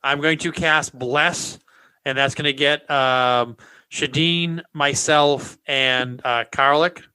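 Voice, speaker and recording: A man's voice: medium pitch, steady tone, takes it slowly, pushed and bright, clear, resonant tone, poor audio. A man playing a tabletop game, brash and joking with the others. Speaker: player.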